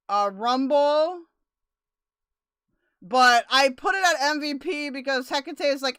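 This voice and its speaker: A woman's voice: high-pitched, slow, sharp tone, dry recording, studio quality. A woman co-hosting a live stream, teasing the host mockingly and reading out chat messages.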